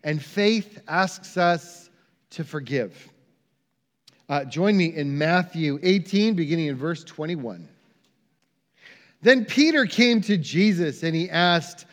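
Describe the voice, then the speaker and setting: A man preaching a sermon, opening with a humorous story and then teaching with measured emphasis. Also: a little high, expressive. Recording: long hall reverb.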